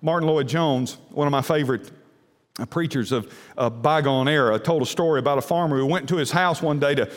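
A man's voice: on the high side, fairly quick. A male pastor delivering a folksy sermon in a church, with frequent fillers and restarts. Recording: long hall reverb.

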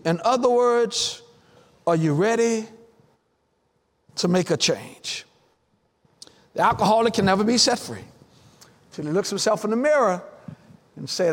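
High-voiced preacher man in a reverberant hall. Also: animated. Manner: preaching with dramatic pauses and rising repeated lines. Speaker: pastor. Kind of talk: sermon.

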